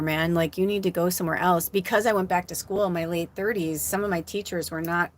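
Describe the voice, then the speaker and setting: A woman in her forties from Illinois talks casually to her stream audience as a spiritual medium. Her voice sits a little low, but she jumps way up in pitch when she acts out her own reactions. She swears freely and tells her life story as a lively tale. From Illinois, USA. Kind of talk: casual live-stream talk.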